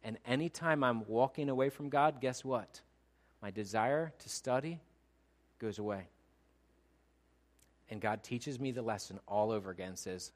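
A middle-aged man preaching a sermon as pastor, swinging between loud emphatic preaching and quiet personal storytelling. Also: mid-range voice, a little slow, pauses often.

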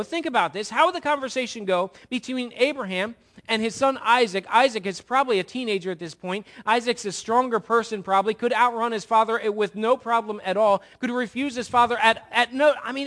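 A man delivers a sermon in a high, bright voice. He retells the story dramatically, playing its people and dropping from loud declarations to hushed asides. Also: a little fast. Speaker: preacher.

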